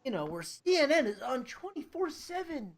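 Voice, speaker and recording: A woman chiming in on a casual movie-riff chat with dry, quick quips. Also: high-pitched, very animated.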